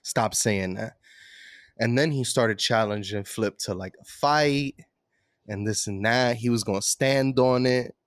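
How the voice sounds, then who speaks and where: A man's voice: mid-range voice, unhurried, no echo, clean studio sound. A man co-hosting a podcast, telling a long story in a loose, casual way with plenty of swearing. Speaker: podcast co-host. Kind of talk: casual chat.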